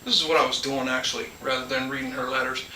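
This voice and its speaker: A man's voice: mid-range voice, little pitch movement, quick pace, recorded from a distance. A man hosting his own channel, talking in a casual, rambling monologue full of restarts and asides. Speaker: collector and channel host. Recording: echoey room, off mic, faint background hum.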